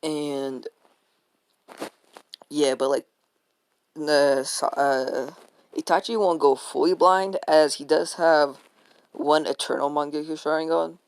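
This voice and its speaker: A man with a slightly high voice narrates a fan-made story off the cuff, and a gravelly rasp runs through his speech. He rambles, restarts his sentences and swears freely. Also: fairly even intonation, takes it slowly, pauses often, no echo. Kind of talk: casual unscripted story retelling.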